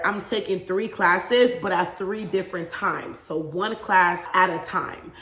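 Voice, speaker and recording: Bright-voiced woman chatting in an echoey room. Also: on the low side. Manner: chatty and animated, laughs often. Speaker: vlogger. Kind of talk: casual storytime chat.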